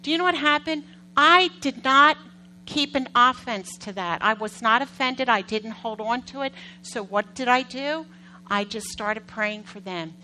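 A middle-aged woman preaching a sermon in a conversational style, telling animated stories, acting out quotes and putting questions to the congregation. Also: fairly high pitch, measured pace, a little hiss or hum, rough recording. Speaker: pastor.

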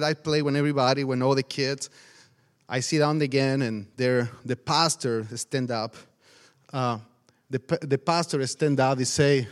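A pastor tells his testimony with animated energy, often breaking into laughter. His voice sits a bit high for a man. His English has non-native phrasing and grammar. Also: normal speed. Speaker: pastor and missionary. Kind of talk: storytelling testimony.

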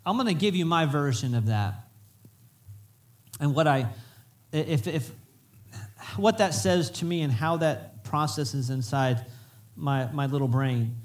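Animated preacher, higher voice. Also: male voice, moderate pace, long pauses. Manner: animated, conversational preaching with many restarts. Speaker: pastor. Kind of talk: sermon. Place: church sanctuary.

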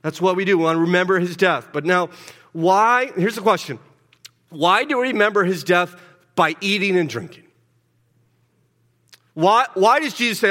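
A man preaching a sermon in a church, often repeating words as he swings between loud urgency and hushed intensity. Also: high-pitched, expressive, moderate pace. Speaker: pastor. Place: church sanctuary. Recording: long hall reverb.

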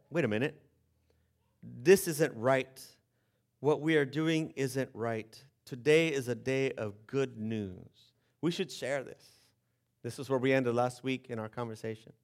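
Animated male pastor preaching. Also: fairly high pitch. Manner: animated, acts out the characters in the story. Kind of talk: sermon.

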